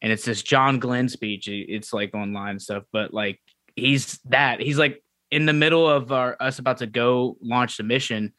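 A man from Memphis tells stories in loose, casual chat. His voice sits at a middle pitch, and he rambles with plenty of fillers and restarts. The sound is dry and close. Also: normal speed, bright, forceful tone, no room sound. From Memphis, Tennessee. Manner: rambling, filler-heavy storytelling.

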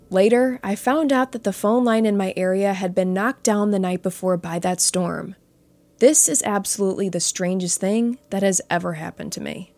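A woman hosting a spooky story show, reading listener stories aloud in a soft, earnest storytelling voice. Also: fairly low pitch, no echo. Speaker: host and narrator.

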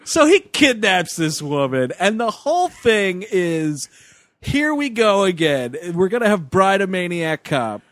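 A man's voice: sits high, very animated, measured pace, a bit bright, dry recording. A man co-hosting a podcast, recapping a movie in casual, joking, profane chat. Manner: joking, profane, puts on goofy voices for characters. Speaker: podcast co-host.

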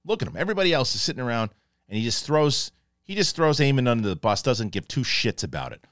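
Excitable man reviewing a TV episode. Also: mid-range voice, fast, no room sound, clean studio sound. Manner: excitable, swears casually, acts out scenes in quotes. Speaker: TV review show host. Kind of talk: animated spoiler review talk.

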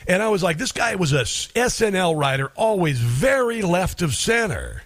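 A man's voice: high voice, wildly swooping pitch, moderate pace, a bit bright. A middle-aged man hosting a talk radio show, rambling with many fillers. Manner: rambling, filler-heavy delivery.

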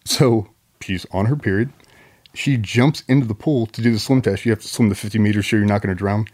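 A man's voice: fairly low pitch, fairly quick, a little mellow. A man telling rambling, profane anecdotes as a podcast guest in casual conversation. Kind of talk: casual storytelling.

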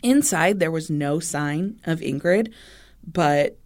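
A woman's voice: sits low, animated, slow pace. A woman co-hosting a podcast, telling a true-crime story in a chatty way, with easy laughs and loose fillers. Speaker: podcast co-host.

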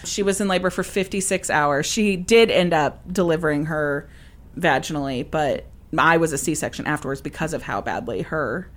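A young woman co-hosting a podcast, chatting casually and telling a personal story with lively acted-out quotes. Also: deep voice, moderate pace. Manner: animated storyteller, acts out quoted voices. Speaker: podcast co-host. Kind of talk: casual chat.

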